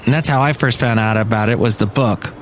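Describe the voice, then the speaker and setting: A man's voice: fairly low pitch, fairly quick, a little hiss or hum. An American man hosting a casual solo podcast, rambling enthusiastically and correcting himself as he goes. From United States. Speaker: podcast host and talk radio worker.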